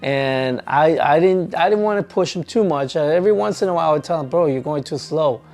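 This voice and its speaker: A man who trains truck drivers tells a story in a casual vlog, acting out both sides of an argument with lively energy. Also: on the high side, fast, vocal fry, soft background music.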